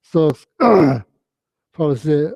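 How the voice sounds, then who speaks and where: Halting man with a husky mellow voice. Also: fairly high pitch, expressive, dry recording, poor audio. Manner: halting, repeats phrases, frequent throat clearing, non-native English. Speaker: Buddhist teacher. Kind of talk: informal dharma talk.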